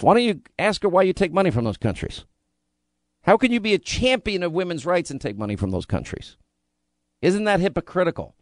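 Guy doing talk radio, fired up and combative, kinda high voice, totally dry studio sound. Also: no echo. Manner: combative, indignant ranting with rhetorical questions. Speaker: radio talk show host.

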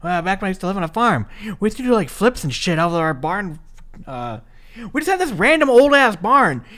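Animated voice, profane casual storyteller. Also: mid-range voice, fairly quick. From Minnesota. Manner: lively, swearing freely, many likes and restarts. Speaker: podcast co-host. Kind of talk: casual chat recapping a wrestling match.

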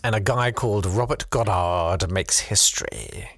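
A man's voice: low-pitched, unhurried, a bit bright, no room sound. A man co-hosting a comic history podcast, telling a story playfully and slipping into silly voices. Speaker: podcast co-host.

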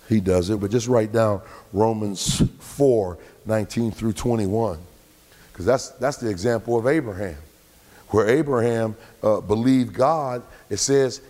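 A male pastor preaching a sermon in a church sanctuary, swinging between shouts and drawn-out words. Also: on the low side, long reverb tail.

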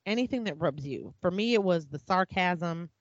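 A woman talks openly in a casual chat, thinking aloud and restarting her sentences. The sound is dry and a little dull, as if recorded close to the mic in a quiet room. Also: lowish voice, animated, moderate pace, dry recording. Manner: candid, reflective, talks with restarts and "like". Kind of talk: casual conversation.

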